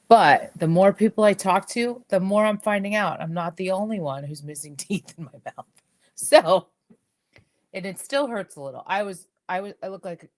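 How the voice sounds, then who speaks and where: A middle-aged woman chatting casually on a live stream about jewelry, telling stories with lots of fillers and repeated words, with a slight whistle in her speech from a missing tooth. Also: lowish voice. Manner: chatty, animated storytelling with frequent fillers and repeats.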